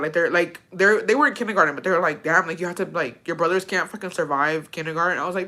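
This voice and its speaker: Bright-voiced young woman telling a story. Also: fairly low pitch, fast talker, hardly any pauses. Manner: profane, emotional, tearful at times. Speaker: vlogger. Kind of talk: casual storytelling.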